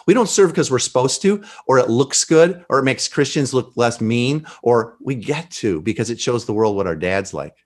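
A man speaks in a conversational interview about faith, animated and a bit preachy. He often slips into quoting scripture and acting out dialogue in other voices. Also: medium pitch, normal speed, few pauses. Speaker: pastor guest.

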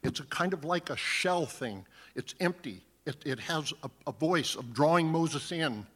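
A man's voice: a little high, expressive, measured pace, a bit bright, breathy edge. A man preaching a sermon, reading scripture aloud and then earnestly explaining it. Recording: long hall reverb.

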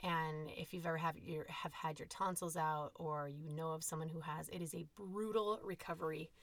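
A woman in her thirties, a mother of eight, hosting a podcast and telling candid, animated personal stories. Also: low voice, normal speed, dry recording. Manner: candid, animated, quotes herself in asides. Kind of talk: casual personal storytelling.

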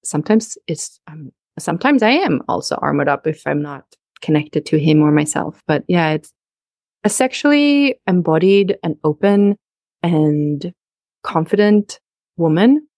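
A woman's voice: low voice, expressive, a little slow, darkish tone, no room sound, clean studio sound. A young woman talking candidly and emphatically in a conversation, frank and outspoken. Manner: frank, emphatic, openly explicit.

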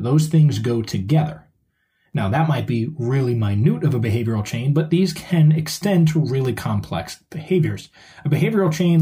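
A man's voice: medium pitch, mellow. A man hosting his own podcast as a dog trainer, explaining things step by step in a conversational way.

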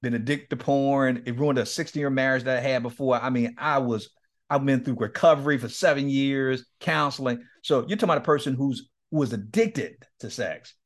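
Animated man telling stories, laughing often. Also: medium pitch, a little fast. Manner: animated, laughs often, acts out quoted dialogue. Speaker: guest speaker and men's ministry leader. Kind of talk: candid storytelling in a podcast interview.

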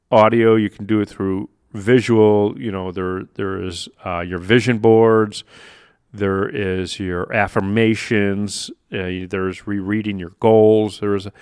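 Male podcast host, low-pitched, enthusiastic self-help talker, dry close recording. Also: no echo. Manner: animated, acts out inner voices, laughs at himself. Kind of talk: motivational solo podcast talk.

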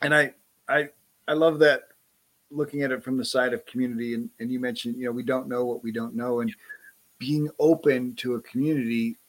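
A man's voice: medium pitch, steady tone, a little fast. A man hosting a podcast interview, affirming his guest in a casual chat and stumbling over restarts. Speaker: podcast host.

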